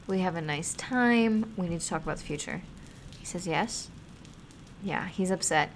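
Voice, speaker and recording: A woman's voice: lowish voice, moderate pace, a little hiss or hum. A young woman streamer reading a text game aloud, reacting expressively and swearing freely.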